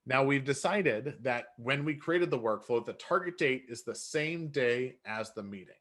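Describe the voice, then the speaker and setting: Man walking through a software demo. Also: mid-range voice, normal speed. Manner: relaxed, explanatory, self-correcting. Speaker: software trainer. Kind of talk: screen-share software tutorial.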